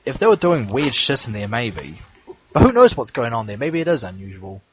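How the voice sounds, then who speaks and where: A young man co-hosting a casual podcast chat, giving dry, deadpan replies. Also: mid-range voice, fairly quick. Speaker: podcast co-host. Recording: dull lo-fi sound with faint noise.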